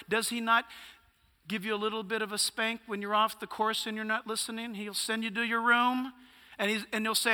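A man's voice: high voice, fairly quick, sharp tone, long reverb tail. A male pastor preaching a sermon, emphatic and punchy, firing off rhetorical questions.

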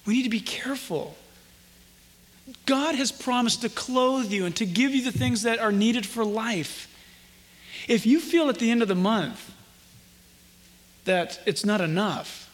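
A man preaching a sermon as pastor, with impassioned delivery and emphatic, drawn-out quotations. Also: extremely high pitch, in a large hall.

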